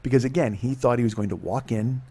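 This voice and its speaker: A middle-aged man, a podcast host, telling a profane, animated story in casual talk and acting out the dialogue. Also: medium pitch, fast talker, slightly rough.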